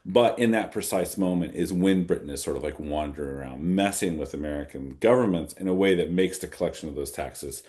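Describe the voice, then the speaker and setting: A man, an author, answering audience questions in a relaxed fireside-chat conversation, thinking aloud and repeating phrases for emphasis. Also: deep voice, a little fast, hardly any pauses.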